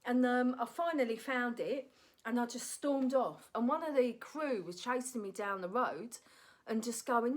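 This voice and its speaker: A slightly high, slightly slow voice belongs to a woman, a stand-up comedian and actress, telling a candid story on her phone camera. She's animated and blunt, often tacking "right?" onto what she says.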